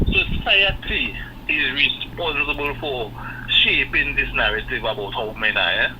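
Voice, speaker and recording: A man calling in to a radio show, giving his opinion in an animated way with laughing asides. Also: mid-range voice, unhurried, slight background noise, poor audio. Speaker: caller. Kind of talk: phone-in comment.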